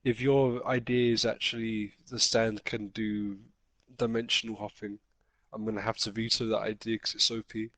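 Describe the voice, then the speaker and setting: Playful man in relaxed banter. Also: fairly low pitch, moderate pace, dry recording. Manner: playful, laughs often, hesitant restarts. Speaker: gaming chat co-host. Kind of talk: casual chat.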